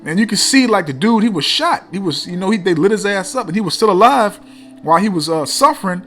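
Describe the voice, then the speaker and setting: A man preaches in a blunt, coarse street style, reading scripture and driving each point home with a repeated "man". His voice sits a little high for a man. Faint music plays behind him. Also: lively intonation, quick pace, fairly bright tone.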